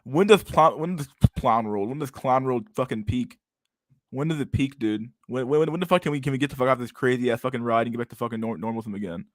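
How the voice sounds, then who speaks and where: In clean, dry studio sound, a young stream host reacts to videos, sarcastic and incredulous, swearing casually and repeatedly calling people dude. He talks quickly in a mid-range voice.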